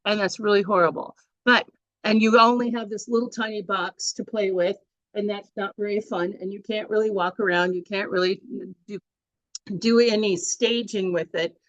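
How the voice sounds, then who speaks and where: A woman's voice: medium pitch, normal speed, no echo, dull audio. Chatty woman teaching on a video call. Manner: chatty, animated, with frequent restarts. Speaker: workshop presenter. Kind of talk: speaking workshop on storytelling.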